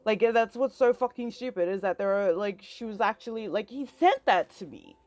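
A woman's voice: medium pitch, animated, normal speed, darkish tone, no echo, soft background music. A young woman ranting to a friend, heated and profane, rambling with constant filler words, her voice rising as she gets worked up. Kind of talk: angry personal rant to a friend.

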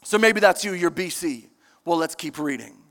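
Man, pastor, sermon, high-pitched voice, emphatic and animated, long echo of a big church hall. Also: normal speed. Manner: emphatic, animated preaching with questions to the congregation.

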